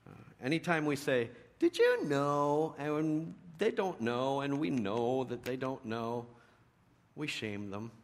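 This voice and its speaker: A middle-aged man preaching a sermon in a conversational storytelling way, dropping to a hush and rising to loud emphasis. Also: mid-range voice, unhurried. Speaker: pastor.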